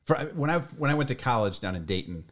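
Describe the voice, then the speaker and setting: A man's voice: mid-range voice, sing-song, fast talker. A man from Cleveland with a Cleveland accent, chatting casually on a podcast and often stumbling through restarts. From Cleveland, Ohio. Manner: hesitant, stammering restarts. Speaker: podcast co-host. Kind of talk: casual chat.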